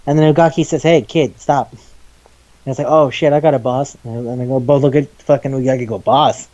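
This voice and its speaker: A man co-hosting a casual chat about manga, animated, acting out scenes in quoted lines and swearing freely. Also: a little high, fairly quick, highs cut off. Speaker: podcast co-host.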